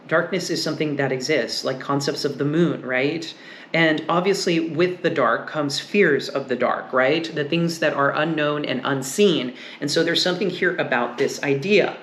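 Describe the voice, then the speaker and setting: A man's voice: fairly high pitch, a bit bright. A man giving a casual tarot reading, musing and meandering with many fillers and asides. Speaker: tarot reader. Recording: echoey room with faint noise.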